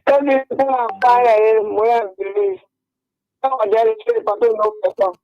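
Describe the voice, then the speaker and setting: A man with a Liberian English accent calling in, halting and aggrieved. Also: sits high, no echo, lo-fi sound. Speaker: caller. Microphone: phone.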